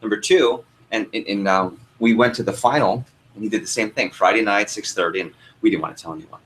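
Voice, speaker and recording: A man's voice: lowish voice, brisk, a bit bright, slight background noise, rough recording. A young man, a sales trainer, teaching a workshop room and telling a story, asking the audience questions as he goes.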